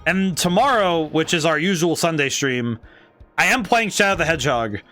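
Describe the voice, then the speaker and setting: Male streamer, higher voice, animated and rambling. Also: normal speed, faint music behind. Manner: rambling, excitable, frequent laughs and restarts. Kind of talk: casual gameplay commentary.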